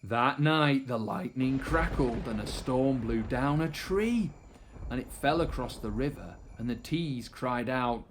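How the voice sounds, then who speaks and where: A man reading a rhyming children's picture book aloud in an expressive, sing-song way. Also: medium pitch, measured pace. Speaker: storyteller.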